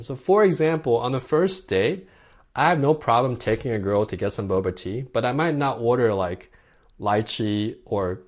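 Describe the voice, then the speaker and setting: Man coaching with a lowish voice. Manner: animated, demonstrates voice tones with bright high-pitched impressions. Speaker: dating coach. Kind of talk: direct-to-camera coaching talk.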